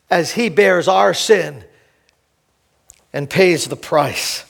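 Older male pastor, gravelly and high-pitched, slow impassioned sermon delivery. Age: 60s. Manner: impassioned, swings from soft to shouting.

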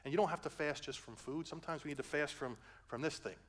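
An older man preaching a sermon as pastor, moving between hushed gentle passages and loud rising climaxes, with folksy asides. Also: a little high, quick pace.

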